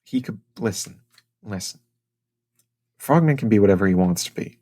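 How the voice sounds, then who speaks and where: A man's voice: on the low side, animated, moderate pace, dark tone. A man from Ohio co-hosting a casual podcast, reading out notes and teasing his co-host with mock indignation.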